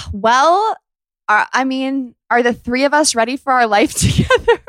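A woman's voice: high-pitched, big pitch swings, unhurried, fairly bright tone, clear, resonant tone, no echo, studio quality. A woman hosting a podcast, chatting casually and gushing as she tells a story. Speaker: podcast host. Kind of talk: casual chat.

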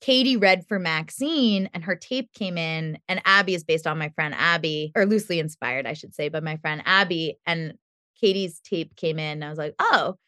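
A woman guest on a podcast interview, telling lively stories about making her show and laughing often. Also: sits low, moderate pace, dry recording, clean studio sound. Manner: animated storytelling, laughs often.

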